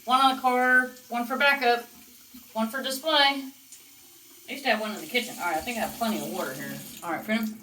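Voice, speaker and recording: A woman filming a casual home vlog in her bathroom, coaxing her parrot in high sing-song baby talk between chatty asides. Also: brisk, sharp tone, a little hiss or hum. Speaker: vlogger, parrot owner. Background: faint running tap water.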